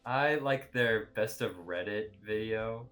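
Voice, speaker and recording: A woman chatting casually as a podcast guest, animated and often breaking into silly high voices. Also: takes it slowly, soft background music.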